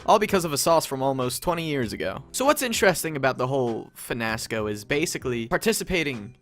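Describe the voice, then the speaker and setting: A man's voice: mid-range voice, sing-song, fast, fairly bright tone. A young man doing a sarcastic, profane ranting commentary, mocking fans in exaggerated voices. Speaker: commentary YouTuber.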